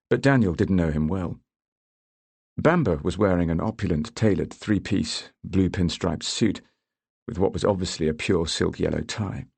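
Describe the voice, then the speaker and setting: A man narrating an audiobook in a measured, even way. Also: deep voice, gravelly, husky, no echo. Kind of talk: scripted narration.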